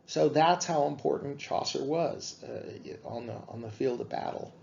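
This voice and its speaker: A man giving a classroom lecture on literature, explaining slowly with frequent fillers. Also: medium pitch, gravelly, darkish tone, dull audio.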